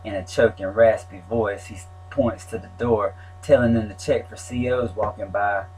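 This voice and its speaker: A man's voice: fairly low pitch, fairly even intonation, normal speed, a little mellow, slightly rough, faint music behind, rough recording. A man reading his own story aloud in a plain, wry telling. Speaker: memoir narrator.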